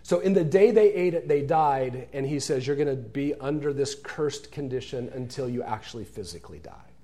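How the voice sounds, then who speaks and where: A man's voice: medium pitch, animated, normal speed, dark tone. A man preaching a sermon, reading scripture aloud with earnest emphasis. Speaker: pastor.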